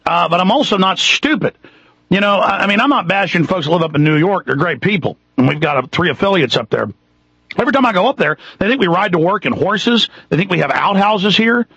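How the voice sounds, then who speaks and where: A male talk radio host with a husky, slightly raised voice who rants at callers in a combative, loudmouthed way. The sound is dry and dull, like a studio broadcast. Faint music sits underneath. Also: high-pitched, expressive, no echo. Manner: aggressive, loud, fast-talking rants.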